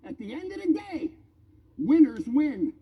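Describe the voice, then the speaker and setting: A man's voice: very high-pitched, big pitch swings, unhurried. A man giving a motivational speech, challenging the audience with pointed rhetorical questions. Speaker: motivational speaker. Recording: tinny phone-like recording over faint music.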